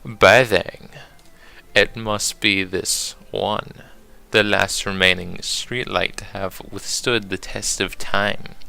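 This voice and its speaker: A man's voice: lowish voice, steady tone, slow, creaky, pushed and bright, smooth, heavily acted. A man putting on a put-on British accent to recite a poem, theatrical and over-enunciated. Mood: grand. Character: fancy British poetry reciter, grand.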